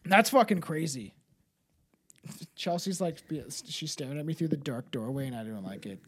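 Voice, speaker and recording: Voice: medium pitch, expressive, normal speed, husky. A podcast host chatting casually and reading a story aloud, swearing a lot and tripping over words.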